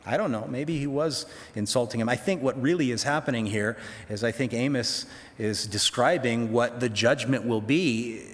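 A man's voice: mid-range voice, normal speed, in a large hall. A man teaching through a Bible passage in a conversational sermon, with folksy asides to his listeners.

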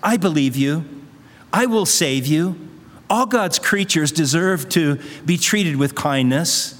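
A man's voice: on the high side, animated, slow pace, a bit bright. A man voicing a little girl on a mountain trail, speaking firmly and earnestly. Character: wary little girl, trusting then betrayed. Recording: long hall reverb.

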